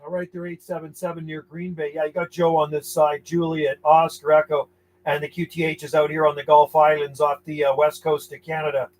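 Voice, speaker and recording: A man at a home radio station on an island calls out call signs and answers faraway contacts. He speaks in clipped, repeated bursts with easy, friendly sign-offs. His voice sits slightly high, and a loud wash of radio static runs underneath it. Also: flat delivery, a little fast. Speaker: CB radio operator.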